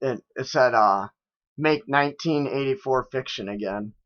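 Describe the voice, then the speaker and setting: A man's voice: mid-range voice, normal speed, fairly bright tone, muffled recording. A man co-hosting a podcast in casual chat, telling stories and quoting his own thoughts. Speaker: podcast co-host.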